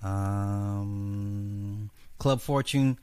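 A man's voice: fairly low pitch, very slow, mellow, clean tone, no room sound. A man hosting a livestream, wrapping up a debate in a blunt, profane, rambling way. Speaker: host.

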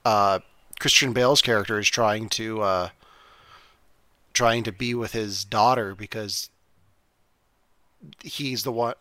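Male podcast host, bright and clear tone, dry close sound, rambling casual delivery. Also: fairly low pitch, dry recording. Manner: rambling, hesitant, many fillers. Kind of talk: casual movie podcast chat.

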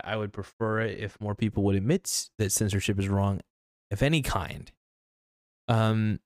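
A man's voice: medium pitch, a little mellow, dry recording, clean studio sound. A young man ranting bluntly and crudely into his own video, rambling with restarts. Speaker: political vlogger. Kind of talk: ranting monologue to camera.

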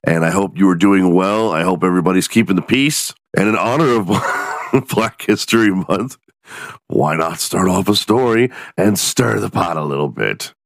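Male podcast host, low voice, stuffed-up and nasal, crude sarcastic humor, dry close sound. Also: animated, normal speed, creaky, no room sound. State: congested, nasal from a cold. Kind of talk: casual comedic news commentary.

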